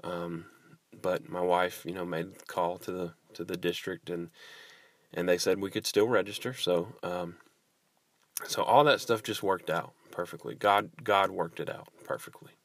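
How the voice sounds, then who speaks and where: A man with a deep, low voice tells a personal church story, wandering through asides and restarting his sentences. The sound is dry and close, with no room echo. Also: fairly even intonation, measured pace. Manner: rambling, many restarts and fillers, self-deprecating asides. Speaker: youth pastor.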